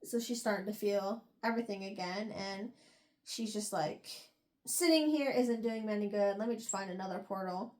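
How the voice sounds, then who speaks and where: A young woman hosting a book review podcast, casually retelling chapters in a rambling, animated way with lots of fillers. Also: medium pitch, moderate pace.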